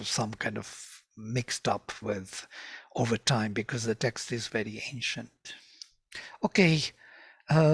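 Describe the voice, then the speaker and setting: Slow, deliberate male teacher. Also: mid-range voice, slightly rough, no echo, studio quality. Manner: slow, deliberate, chants verses in measured rhythm. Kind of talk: lecture on ancient scripture with chanted verses.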